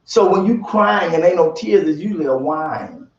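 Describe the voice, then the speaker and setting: A man preaches to a bible study group with a high, animated voice full of colloquial turns and mimicry. He sounds distant in an echoey church room, on a dull, muffled recording. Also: normal speed.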